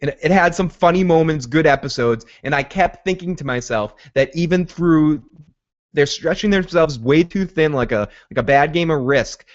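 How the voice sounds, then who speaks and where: A man hosting a podcast, rambling excitably through a casual recap of a TV episode, with frequent restarts. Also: medium pitch, highs cut off. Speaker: podcast host.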